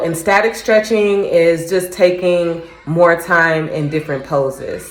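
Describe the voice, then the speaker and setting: A woman with a low voice talks to her camera at home, fresh off a run. Her speech is candid and reflective, loose with "um" and "you know." The room rings with a noticeable echo. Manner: reflective, candid, frequent fillers. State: just back from a run. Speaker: vlogger training for a first half marathon. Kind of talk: casual chatty vlog. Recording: echoey room.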